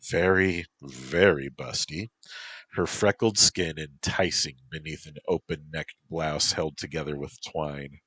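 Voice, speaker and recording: A man narrating a story in a slow, even reading voice. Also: very deep voice, husky, dry recording.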